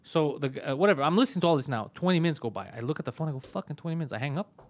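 Fast-talking, swearing comedian man. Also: on the high side. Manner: animated, profane, acts out both sides of phone calls. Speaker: comedian podcast host. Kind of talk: casual storytelling chat.

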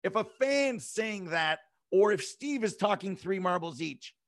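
A man hosting a sports talk podcast, firing off rhetorical questions and answering them himself in quick, punchy bursts. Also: high-pitched, animated, dry recording, clean studio sound. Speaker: podcast host.

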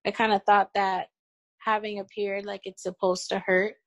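A woman guest on a video call, thoughtfully sharing a personal account with many pauses. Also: medium pitch, flat delivery, dry recording.

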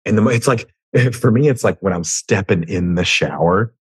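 Man, southern american twang, very low voice, husky, rambling profane podcast monologue, self-mocking tangents. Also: normal speed, no echo. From United States. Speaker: podcast host. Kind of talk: casual solo podcast monologue. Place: home room.

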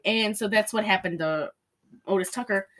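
A woman's voice: mid-range voice, moderate pace, fairly bright tone. A woman recapping a movie in casual chat, rambling and giggling with sarcastic asides. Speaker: podcast co-host recapping a movie.

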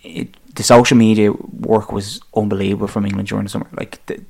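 A man's voice: on the low side, level tone, fast, creaky, a little mellow, breathy edge. An Irish man in casual chat about football, wry and rambling, with plenty of fillers. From Ireland.

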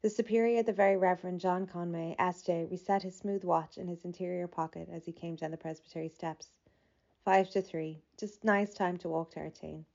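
A woman narrating a literary audiobook in a measured, even reading that lifts slightly for quoted speech. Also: lowish voice, creaky. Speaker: audiobook reader. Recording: slightly muffled lo-fi recording.

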